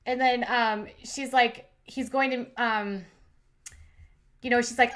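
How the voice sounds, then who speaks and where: A woman recapping reality TV in a bright, fairly high voice. She talks in a chatty, opinionated way and slips into quick voices when she quotes people. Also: fairly even intonation. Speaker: commentary channel host.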